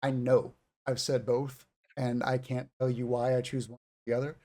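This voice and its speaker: Lively explaining male interviewer. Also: medium pitch, moderate pace. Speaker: interviewer and English teacher. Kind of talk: conversational interview for language learners.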